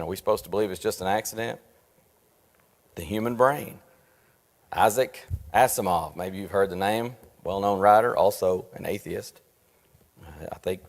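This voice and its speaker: A man leading a church Bible study, earnest, asking rhetorical questions and slowing down to stress his points. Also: deep voice. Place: church meeting room. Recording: long reverb in a church room.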